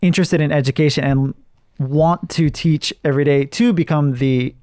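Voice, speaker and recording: A man's voice: on the high side, steady tone, moderate pace, dark tone, no echo, clean studio sound. A man co-hosting a podcast in easygoing, casual chat. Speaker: podcast co-host.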